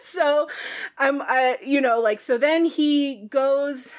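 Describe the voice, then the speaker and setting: This is a woman in her thirties chatting on a movie podcast. Her voice sits a little high, and she tells her story in an emotional, rambling way. She laughs often as she goes. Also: slow. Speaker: podcast co-host. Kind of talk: casual movie podcast chat.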